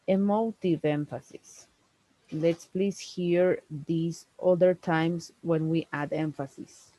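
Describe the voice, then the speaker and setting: A woman, teaching a one-on-one English lesson over a video call, explaining slowly and stressing key words. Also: fairly low pitch, dark tone, low-quality recording.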